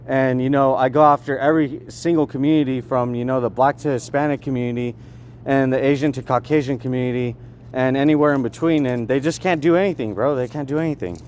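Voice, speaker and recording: A young man ranting in a rambling street vlog, agitated, swinging from loud outbursts to low muttering. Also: fairly even intonation, quick pace, slight background noise. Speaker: vlogger.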